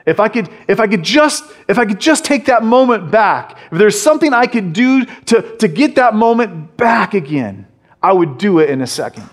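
An impulsive, headstrong grown man, as a preacher puts him on, earnest and emphatic, his fairly high voice climbing as he speaks. He sounds bold yet weighed down by remorse. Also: expressive, moderate pace. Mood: regretful.

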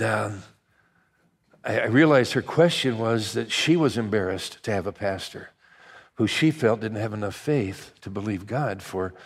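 An older man, a pastor, preaching a sermon in a chatty storytelling way, with lots of restarts and lively asides. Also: on the low side, creaky, slightly rough. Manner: conversational storytelling, many restarts, animated asides.

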